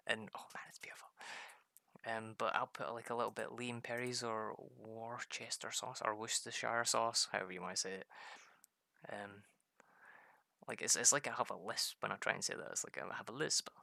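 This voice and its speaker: A man chatting his way through a game, rambling and laughing as he plays. His voice is bright and edgy with a gravelly fry, recorded close and dry with no room sound. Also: medium pitch, no echo. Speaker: gaming video host. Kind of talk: casual gameplay commentary.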